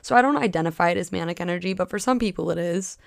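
A woman's voice: fairly low pitch, racing, gravelly, dry recording, studio quality. A young woman hosting a solo podcast as a spiritual coach, talking in a casual, passionate way with lots of filler words and cussing.

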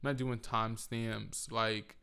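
A man's voice: fairly low pitch, level tone, measured pace, vocal fry, sharp tone, clear, resonant tone. A man telling a rambling, profane story in a casual monologue on a handheld mic.

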